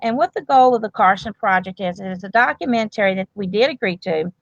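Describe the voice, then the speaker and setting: A woman's voice: medium pitch, lively intonation, fast talker, creaky, no echo, dull audio. A woman, a grandmother and medical provider, talking earnestly and at length in a casual interview, with many restarts. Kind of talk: emotional casual interview talk.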